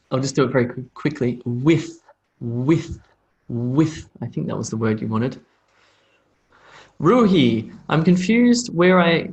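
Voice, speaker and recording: A man teaching a live online English lesson, reading out student questions and demonstrating sounds slowly and repeatedly in a relaxed, chatty way. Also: mid-range voice, rough recording.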